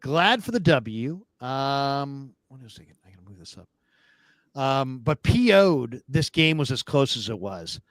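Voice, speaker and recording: A man's voice: mid-range voice, sing-song, unhurried, no echo. Blunt sarcastic male co-host, dry sound. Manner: blunt, sarcastic, reads viewer comments. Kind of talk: live postgame basketball talk show.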